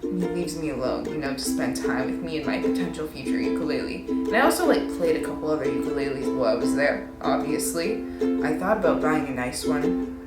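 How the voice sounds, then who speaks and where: A vlogger in her twenties tells casual stories, rambling, mocking herself, and saying "like" constantly. Her low, animated voice moves fairly quickly and sounds reverberant, set over loud music.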